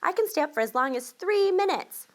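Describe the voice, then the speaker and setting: A woman teacher reading a children's picture book aloud to young listeners, expressive and switching voices for the child and the mother. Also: very high voice, a little fast. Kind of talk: children's storybook read-aloud.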